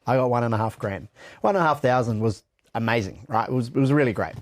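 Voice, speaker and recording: A man's voice: medium pitch, animated, quick pace, no echo, clean studio sound. A middle-aged Australian man giving blunt, candid personal testimony in an interview, swearing freely and often restarting his sentences. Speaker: interview guest.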